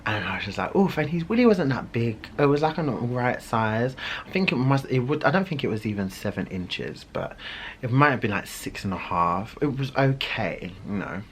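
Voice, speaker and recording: A young man telling a storytime story in a dramatic, animated way. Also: medium pitch, moderate pace, a little hiss or hum. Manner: animated, dramatic, shrieks and laughs. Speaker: vlogger. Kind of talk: storytime vlog.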